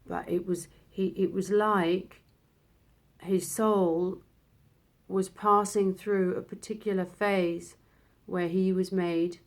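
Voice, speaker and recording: A woman's voice: mid-range voice, level tone. Emotional woman telling a personal story. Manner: emotional, halting, with many restarts. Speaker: vlogger.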